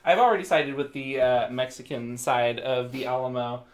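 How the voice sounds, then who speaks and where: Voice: mid-range voice, steady tone, moderate pace. A player trading playful trash talk over a card game, laughing often.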